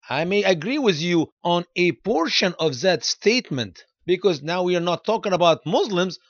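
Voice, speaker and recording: Emphatic high-voiced male preacher, lo-fi. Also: a bit bright, no echo. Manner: emphatic, lecturing, addresses the president directly. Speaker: program host and preacher. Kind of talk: religious broadcast commentary.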